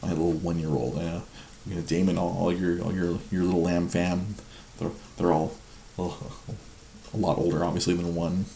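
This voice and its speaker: A man's voice: sits low, steady tone, normal speed, gravelly, dark tone. A man hosting a live show, chatting casually, rambling with frequent laughs and stammered repeats. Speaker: livestream show host. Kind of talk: casual chat. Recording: roomy echo with faint noise.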